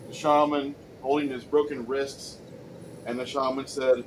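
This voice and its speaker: A man narrating and running a tabletop game as game master, joking and animated. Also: mid-range voice, a little slow, background noise. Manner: animated, jokey, breaks into loud shouts and put-on voices.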